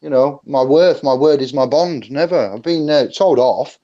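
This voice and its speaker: A man giving a casual seminar talk, jokey and animated, acting out phone calls. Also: mid-range voice, normal speed, muffled recording. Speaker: seminar speaker.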